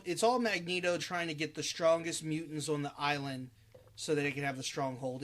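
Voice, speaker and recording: A man co-hosting a casual podcast, talking about movies in an animated, opinionated way and swearing freely. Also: a little high. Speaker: podcast co-host.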